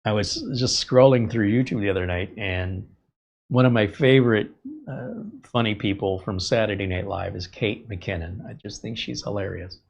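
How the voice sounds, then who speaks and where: A man's voice: on the low side, normal speed, gravelly, darkish tone, highs cut off. A man hosting a live stream, telling stories in a chatty, rambling way. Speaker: host. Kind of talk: casual live-stream monologue.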